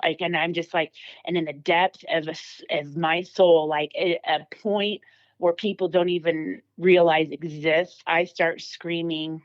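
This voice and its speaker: A woman with a fairly low voice recounts a personal experience as a podcast guest. She talks vividly and keeps backtracking with fillers and restarts. The audio sounds dull and lo-fi. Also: flat delivery, a little slow. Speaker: podcast guest telling her story. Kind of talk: personal testimony.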